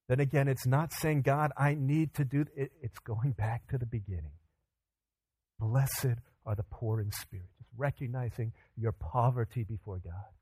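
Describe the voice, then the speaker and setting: A young adult male pastor telling a personal story in a sermon, acting out quotes with lively energy. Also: medium pitch, normal speed, breathy edge, no echo. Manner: animated storyteller, acts out quotes.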